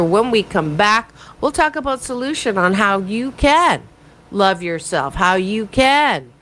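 Lady radio host doing a self-help talk show from the studio, lively, chatty asides, bit of faint hiss behind. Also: fairly low pitch, low-quality recording. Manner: animated self-help advice with quick asides.

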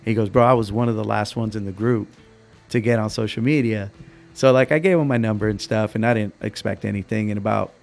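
A man's voice: lowish voice, steady tone, fast talker, vocal fry, soft background music. A young adult man hosting a podcast, telling stories in a laid-back way with lots of fillers, his voice cracking now and then. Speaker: podcast host. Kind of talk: casual interview chat.

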